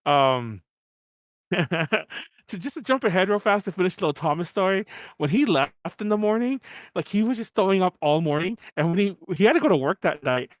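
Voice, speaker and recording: A young man co-hosts a podcast in a high, bright register, recorded close and dry. He tells a party story in an animated way, laughing between lines and acting out his own drunken yelling. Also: normal speed, no room sound. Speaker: podcast co-host. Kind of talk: casual storytelling chat.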